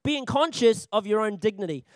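A young man whose voice sits high talks at a moderate pace during a church training session on children's ministry. He's animated and jokey, laughs a lot, and repeats his main points for emphasis. No echo is audible.

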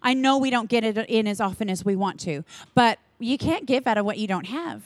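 A woman giving a conference talk to church leaders in an energetic, earnest, chatty manner with quick asides. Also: a little high, no room sound. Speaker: church children's ministry leader speaking to leaders.

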